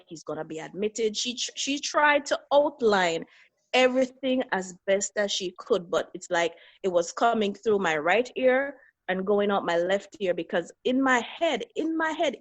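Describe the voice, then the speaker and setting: A middle-aged woman, a guest on an interview show, tells in earnest the story of losing her young son, reliving each moment. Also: a little high. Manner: earnest, reliving events, voices quoted people. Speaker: guest, bereaved mother. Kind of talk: emotional personal storytelling.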